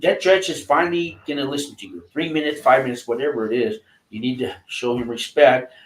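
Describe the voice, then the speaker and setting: A man hosting a casual chat, giving rambling advice with many halting restarts and fillers. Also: mid-range voice, echoey room, poor audio. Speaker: host coaching a guest.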